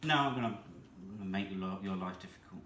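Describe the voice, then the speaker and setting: Joking man with a low, bright voice. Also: quick pace, slight background noise. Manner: joking, self-mocking. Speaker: board game player. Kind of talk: casual game-table chat. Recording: echoey room.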